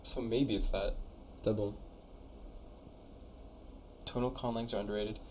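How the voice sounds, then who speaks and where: A young college guy on a live stream talks in a lowish, steady, unhurried voice with a darkish tone, a little background noise behind him. Laid-back and chatty, he reads viewers' messages aloud and sounds out the invented words of the conlangs they've sent in for review.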